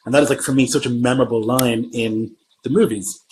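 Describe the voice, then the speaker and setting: A man's voice: mid-range voice, steady tone, brisk, background noise. A man from Germany who runs tabletop games, chatting casually on a livestream and thinking aloud as he answers viewer comments. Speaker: game master.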